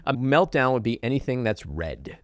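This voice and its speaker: A man's voice: medium pitch, big pitch swings, moderate pace, dry recording, clean studio sound. A man hosting a talk show, asking wry, incredulous questions in conversation with a guest. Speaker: podcast host. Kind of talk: conversational interview.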